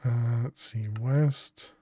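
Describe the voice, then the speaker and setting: A man streams a game in an unhurried, chatty way, musing over his moves and answering viewers between laughs. His voice is mellow and low-key at an ordinary pitch, recorded close and dry. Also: no echo. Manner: chatty, thinks aloud and answers chat messages; laughs often, relaxed and unhurried. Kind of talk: casual gaming livestream commentary.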